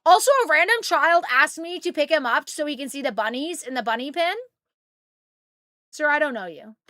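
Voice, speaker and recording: A woman's voice: high-pitched, expressive, a little fast, pushed and bright, no echo, clean studio sound. A woman from Canada streaming a game, chatting with viewers in a rambling, storytelling way. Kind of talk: casual chat with viewers while gaming.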